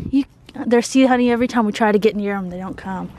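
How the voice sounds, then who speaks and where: With a medium-pitched, dark voice and a quick pace, the vlogging mother talks casually to the camera outside on a neighborhood street. She shifts into a sing-song baby voice with her kids and puppies.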